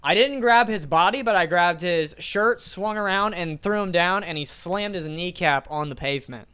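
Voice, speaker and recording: Young man telling a lively story, crisp. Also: high voice, normal speed, no echo. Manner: animated storyteller, acts out quotes, swears casually. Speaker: podcast co-host. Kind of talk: casual chat.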